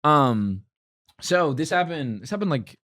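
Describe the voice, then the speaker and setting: A man's voice: fairly high pitch, sing-song, unhurried, a bit bright, no echo, studio quality. Rambling, slangy man from Los Angeles. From Los Angeles, USA. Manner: rambling, slangy, lots of "like" and "dude". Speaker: guest comedian. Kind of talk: casual storytelling chat.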